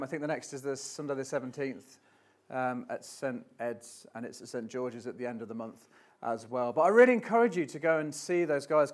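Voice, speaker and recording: A young man, an assistant pastor, giving church notices and thanks in a halting, conversational way. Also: fairly high pitch. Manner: halting and conversational, with frequent restarts.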